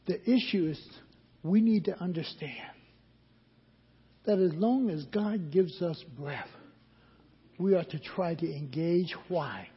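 A man's voice: high voice, slow, pauses often, breathy edge. A male preacher delivering a sermon, asking the congregation questions and answering them himself. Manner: call-and-response questions to the congregation. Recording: dull recording with long hall reverb.

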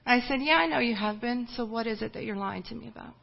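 A woman missionary giving an earnest, emotional personal testimony, often halting and restarting as she speaks. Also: fairly high pitch, gravelly, lo-fi sound.

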